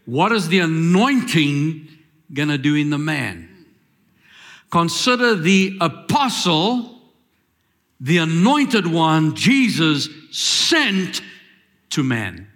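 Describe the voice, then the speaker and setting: A man's voice: a little high, big pitch swings, slow pace, long pauses, fairly bright tone. A man preaching a sermon, asking questions and calling for the congregation's answers, with rising emphatic lines. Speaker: pastor.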